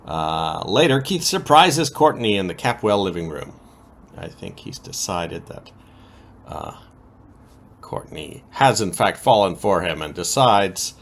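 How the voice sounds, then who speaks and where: A man co-hosting a podcast, recapping soap opera episodes in a casual, animated way with frequent ums. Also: deep voice, a little slow, creaky. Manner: lively, animated retelling with many ums.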